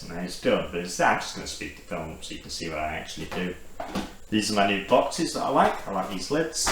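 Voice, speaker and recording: Chatty man in an echoey room. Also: fairly low pitch. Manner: chatty, self-deprecating, rambling. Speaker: isopod keeper. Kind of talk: casual unboxing narration. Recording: very echoey room with clear background noise.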